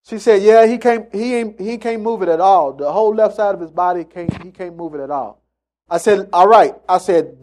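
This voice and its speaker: High-voiced emphatic male preacher. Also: moderate pace, darkish tone. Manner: emphatic, repeats phrases, acts out quotes in story. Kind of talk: sermon.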